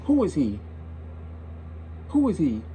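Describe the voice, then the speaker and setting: A man's voice: fairly high pitch, huge pitch swings, takes it slowly, heavy background noise. A young man hosting a reaction video, talking in a casual, slangy way and repeating himself as he gets worked up.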